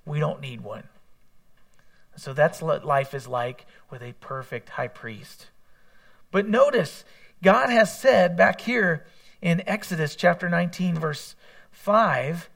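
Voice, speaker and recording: A man's voice: fairly high pitch, animated, slow pace, creaky, fairly bright tone. A man preaching a sermon in a conversational way, mixing scripture with candid personal asides. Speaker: pastor.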